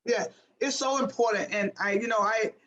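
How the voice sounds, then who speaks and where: A woman's voice: a little high, normal speed, a bit bright, lo-fi sound. A woman guest speaking as a basketball coach, emphatic and motivational, repeating phrases for effect. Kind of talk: motivational interview talk.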